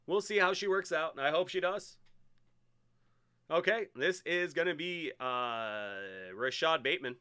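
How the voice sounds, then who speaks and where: Bright, crisp-voiced male card-break host. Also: on the high side, a little slow. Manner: excited, chatty, hyping each card. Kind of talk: live-streamed card break commentary.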